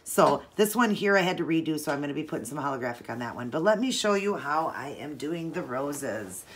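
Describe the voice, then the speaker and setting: Low-voiced woman explaining nail art. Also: a little fast. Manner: chatty, relaxed, explains while working. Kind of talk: casual step-by-step tutorial.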